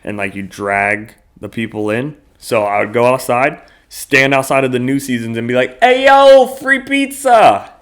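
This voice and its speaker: A man's voice: mid-range voice, flat delivery, normal speed, hardly any pauses, fairly bright tone, clean tone. A man hosting his own podcast in a casual solo monologue, rambling loosely with lots of fillers and frequent swearing. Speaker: podcast host.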